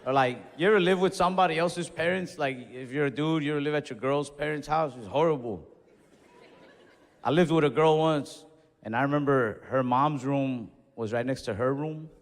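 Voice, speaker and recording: A young man doing a stand-up comedy set, telling stories in a laid-back, deadpan way with quick asides. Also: fairly high pitch. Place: comedy club stage. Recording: reverberant club hall with faint crowd noise.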